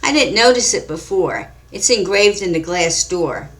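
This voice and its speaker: Calm woman narrating a mystery story. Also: on the low side, a little slow. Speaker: author and narrator.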